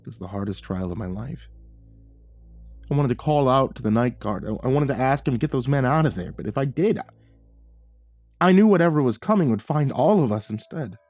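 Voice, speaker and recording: A man narrating a horror story in a hushed, grave manner. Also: mid-range voice, animated, fairly quick, no echo, soft background music.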